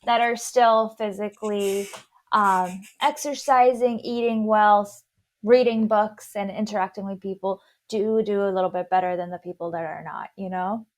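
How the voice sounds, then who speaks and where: A woman's voice: mid-range voice, steady tone, moderate pace. A woman podcast host with a slight lisp, explaining a science topic in casual chat and stumbling over long words as she goes.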